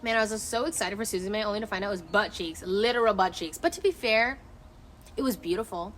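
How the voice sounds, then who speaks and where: A woman's voice: medium pitch, a bit bright, slight background noise. A woman streamer in casual chat outdoors at night, rambling and emotive and swearing freely as she talks into her phone. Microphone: phone camera.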